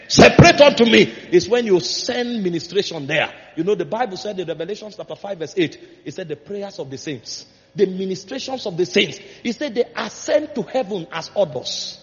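An impassioned male preacher whose voice sits high and swings widely, climbing into shouted, sing-song peaks. The sound is dull and muffled, with a long reverb trailing through a large hall. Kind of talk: sermon.

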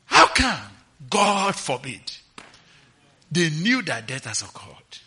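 A man preaching a sermon, swinging between quiet, slow lines and sudden shouts, often asking the listeners if they understand. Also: sits high, big pitch swings, breathy edge.

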